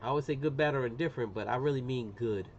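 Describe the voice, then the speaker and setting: A middle-aged man chatting casually on a live stream as he demonstrates an engraving job, slangy and talkative, often saying "boom". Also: rapid-fire, a little mellow. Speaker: livestreamer doing laser engraving. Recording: muffled lo-fi sound with faint room noise.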